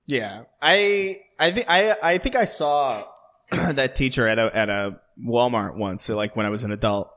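A young man co-hosting a podcast, telling stories in casual chat with plenty of swearing and animated restarts. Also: mid-range voice, measured pace. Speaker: podcast co-host.

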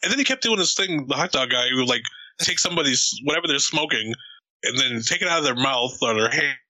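A man's voice: medium pitch, lively intonation, quick pace, pushed and bright, no room sound, low-quality recording. A man in casual chat, telling stories with lots of swearing and laughter and acting out scenes. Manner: profane, laughing storyteller who acts out scenes.

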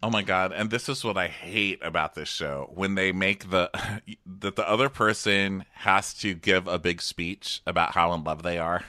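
A man's voice: low-pitched, steady tone, moderate pace, pushed and bright, no echo, studio quality. A man co-hosting a casual podcast, recapping a TV show, laughing often and mimicking people in exaggerated voices. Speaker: podcast co-host.

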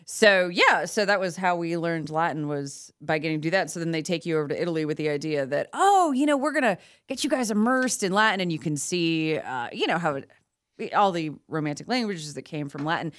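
A woman in her forties telling stories in casual chat, expressive and prone to high squeaks when she quotes herself. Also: brisk, clean tone.

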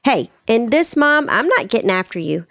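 Woman, middle-aged, higher voice, dry close mic, animated parenting chat. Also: normal speed, vocal fry, no echo. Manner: warm storytelling, animated, acts out quotes. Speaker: parenting podcast host, expert. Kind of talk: casual advice chat.

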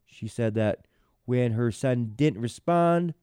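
Mellow-voiced man rambling through news. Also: mid-range voice, expressive, takes it slowly, smooth, no room sound, studio quality. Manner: rambling, hesitant, reads news then comments. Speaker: podcast host. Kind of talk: casual news commentary.

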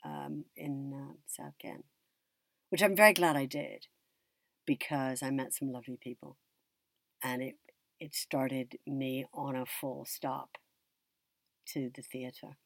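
An American actress and drama teacher, speaking in an interview, shares a personal story in a reflective, unhurried way, often trailing off and starting again. Her low, husky voice keeps a steady tone. The recording is close and dry, with no echo.

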